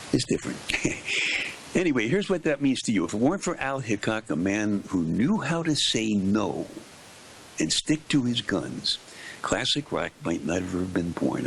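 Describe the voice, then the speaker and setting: An older man, a veteran radio DJ, telling stories in an interview with punchy, dramatic pauses. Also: sits low, gravelly, a bit bright, a little hiss or hum. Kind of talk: anecdotal storytelling in an interview.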